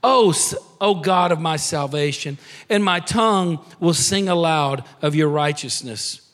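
A man preaching a sermon as pastor, dropping to soft near-whispers and building to shouted emphasis. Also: a little high, measured pace. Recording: long hall reverb.

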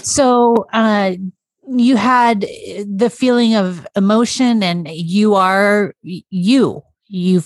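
A woman interviewer asking short, halting questions. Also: mid-range voice, no echo.

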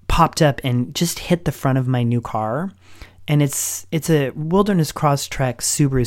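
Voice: mid-range voice, a little mellow. Middle-aged podcast host, openly emotional. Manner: open and emotional, long run-on sentences linked with "and". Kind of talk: reflective personal monologue.

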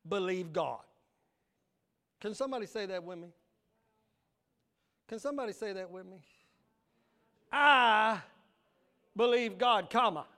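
A man's voice: very high-pitched, sharp tone. A male pastor, preaching a fiery sermon with call and response.

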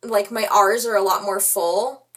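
A young woman with a light Midwestern American accent, chatting on a podcast in a quick, self-mocking way. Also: mid-range voice, steady tone, a bit bright. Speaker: podcast host. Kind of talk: casual podcast chat. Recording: voice a bit far from the mic.

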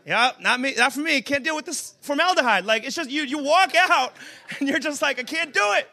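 A man with a strikingly high voice preaches to a church congregation in a loose, joking way. His tone is bright and forceful, and he keeps swinging between casual asides and emphatic, shouted points. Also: animated, normal speed. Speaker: pastor. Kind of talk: humorous conversational sermon. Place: church service.

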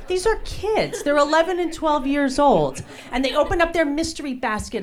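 A woman's voice: a little high, a little hiss or hum. A middle-aged woman from New Jersey doing a brash, self-deprecating stand-up comedy set on a club stage.

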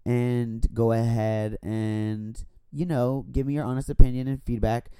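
Very mellow, tipsy podcast host. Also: male voice, medium pitch, level tone, measured pace, smooth, no echo. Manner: rambling and profane. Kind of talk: casual chat. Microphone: borrowed studio microphone.

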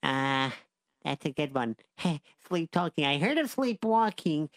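A woman's voice: low voice, big pitch swings, measured pace, no room sound. A woman chatting with a storyteller, asking questions and interrupting playfully.

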